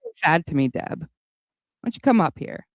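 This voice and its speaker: Blunt, profane man with a lively voice. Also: fairly high pitch, normal speed, no echo, studio quality. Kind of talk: heated live-stream argument.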